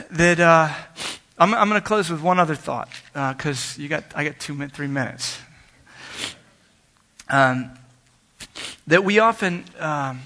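A man preaching with a bright, forceful, gravelly voice and a somewhat high pitch. He tells his story earnestly, voicing each side of the conversation with many small restarts. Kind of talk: sermon storytelling.

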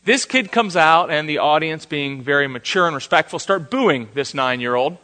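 A male preacher tells stories in a sermon, acting out each quote with animation. His voice sits fairly high and rings forceful and bright. A long reverb from a large hall hangs behind him. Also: moderate pace. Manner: animated storyteller, acts out the quotes. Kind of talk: sermon with storytelling.

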